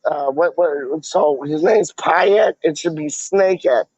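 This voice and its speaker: A man's voice: a little high, takes it slowly, darkish tone, no echo. A man chatting casually on a livestream as a fan vlogger, rambling in slang and filling his talk with "like" and "man". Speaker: fan vlogger reading live chat. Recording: dull lo-fi audio.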